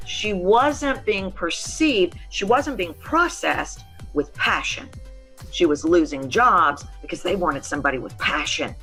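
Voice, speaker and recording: A woman's voice: on the low side, animated, moderate pace, pushed and bright, soft background music. A middle-aged woman, a voice coach, answering interview questions in an emphatic, teacherly way. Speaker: voice coach guest.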